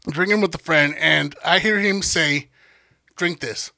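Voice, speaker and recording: A man's voice: fairly high pitch, a little slow, vocal fry, no room sound, clean studio sound. A young man casually telling a profane party story, acting out what everyone said and laughing often. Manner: animated, acts out quotes, laughs often. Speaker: podcast guest storyteller.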